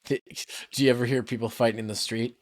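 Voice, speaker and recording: A Canadian man hosting a casual stream chat, animated and joking. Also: mid-range voice, fast talker. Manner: animated, laughing, trying silly voices. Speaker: streamer host.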